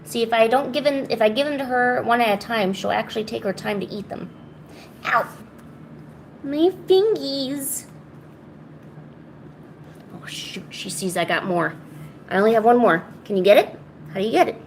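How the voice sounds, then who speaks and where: A woman's voice: a little high, brisk, vocal fry, a little hiss or hum. A woman streamer chatting casually at home, cooing to her pets in baby talk. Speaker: art streamer. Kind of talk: casual chat to pets and viewers.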